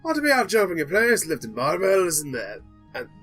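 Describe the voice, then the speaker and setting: A man's voice: wildly swooping pitch, brisk, a bit bright, slightly rough, faint music behind, exaggerated voice. A man voicing a jovial, boisterous old barkeep with a put-on accent, reading game dialogue aloud. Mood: hearty. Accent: put-on British Isles accent. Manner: booming, theatrical.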